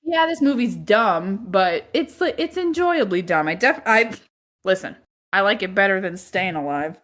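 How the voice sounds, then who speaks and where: A woman co-hosting a casual movie podcast. She talks at an easy, unhurried pace with a lively, swinging pitch. She often lets out exaggerated groans and laughs. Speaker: podcast co-host.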